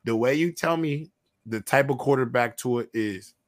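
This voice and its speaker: A young man debating football on a panel show, talking over others with emphatic, animated delivery. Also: medium pitch. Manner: animated, emphatic, drawn-out lines. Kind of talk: heated sports debate.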